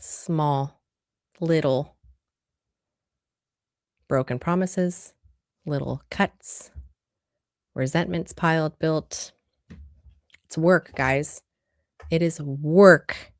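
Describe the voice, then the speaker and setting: A woman's voice: deep voice, extremely slow, pauses often, no room sound, studio quality. A woman relationship coach giving an earnest, conversational livestream talk full of rhetorical questions.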